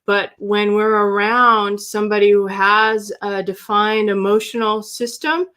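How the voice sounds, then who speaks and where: A woman's voice: medium pitch, flat delivery, measured pace. Woman, spiritual reader on a livestream; affirming, meandering delivery. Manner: warm, affirming, meandering with restarts. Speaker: human design reader. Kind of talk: livestream reading, casual chat.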